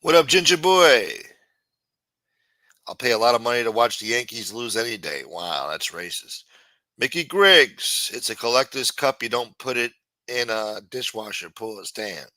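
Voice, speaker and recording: A bright, forceful man hosts a late-night live stream and riffs on viewer comments. His talk rambles and is full of cursing. The sound is dry and close to the mic. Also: lowish voice, lively intonation, normal speed, dry recording. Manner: profane, rambling and riffing. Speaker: live-stream show host. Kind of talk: casual chat, reading viewer comments.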